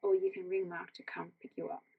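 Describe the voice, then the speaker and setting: A woman soft-spokenly reading the lines of a frightened middle-aged mother on the run, tense and pleading, close to tears. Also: fairly low pitch, level tone, a little fast, gravelly, husky, narrow, tinny audio. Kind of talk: soft bedtime story reading.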